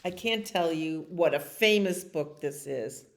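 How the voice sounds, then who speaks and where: A woman librarian reading a bedtime story aloud to children, gentle and expressive, with chatty asides. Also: low voice, measured pace, slight background noise.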